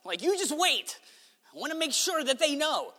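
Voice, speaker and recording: Man doing an insistent young servant girl, high and sharp, heard with a long hall reverb. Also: big pitch swings, moderate pace, full character voice.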